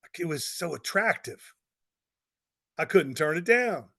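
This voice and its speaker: A man, a pastor, giving a motivational talk with energetic storytelling and repeated phrases for emphasis. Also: a little high, a little slow. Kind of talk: motivational talk to network marketers.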